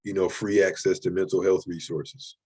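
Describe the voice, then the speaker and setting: A man's voice: low-pitched, flat delivery, moderate pace, mellow, breathy edge. A man in the middle of a classroom lecture on writing, talking in a loose, conversational way. He repeats key questions and keeps checking in with his students, tossing in "right?" and "okay?" as he goes. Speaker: writing instructor.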